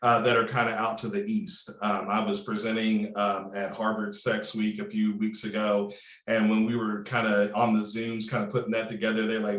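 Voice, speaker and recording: A man in his thirties with a Southern Indiana accent, telling stories as a panelist in a discussion, animated and drawling. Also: fairly low pitch, moderate pace, echoey room. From Southern Indiana, USA. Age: 30s. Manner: animated, drawling, repeats words when starting.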